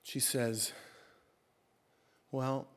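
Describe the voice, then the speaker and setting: A man telling a true first-person story live on stage at a story slam, animated and slipping in deadpan comic exaggeration. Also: mid-range voice, extremely slow.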